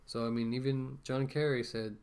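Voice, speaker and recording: A man's voice: medium pitch, flat delivery, moderate pace, darkish tone, slight background noise. A man ranting casually to camera as a vlogger, rambling with many fillers and restarts, talking through a mask.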